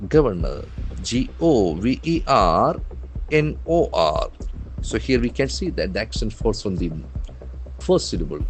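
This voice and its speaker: Indian man teaching English words, lively pitch. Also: a little hiss or hum. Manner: spells words letter by letter, repeats them slowly for practice. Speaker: English trainer. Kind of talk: newspaper vocabulary lesson. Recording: faint music behind.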